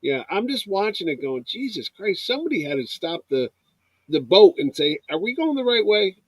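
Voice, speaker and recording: A man rants casually as a co-host, bursting into quick acted-out quotes. His voice is high and very lively, leaping across its range. The sound is dry. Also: no room sound, rough recording. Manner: ranting, fast acted-out quotes. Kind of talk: casual chat.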